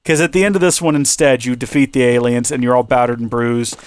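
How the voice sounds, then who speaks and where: A man's voice: mid-range voice, fairly even intonation, fast talker, clear, resonant tone. Rambling joking man, voice wearing out. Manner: rambling, joking, teasing viewers. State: losing his voice. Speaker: gaming channel host. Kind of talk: chatty let's-play commentary.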